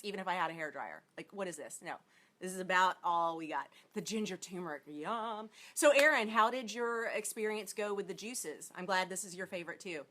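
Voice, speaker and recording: A woman hosting a relaxed live stream as an acting coach. Her talk is bubbly and chatty, and she greets viewers by name. She speaks at an everyday middle pitch. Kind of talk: casual live-stream chat.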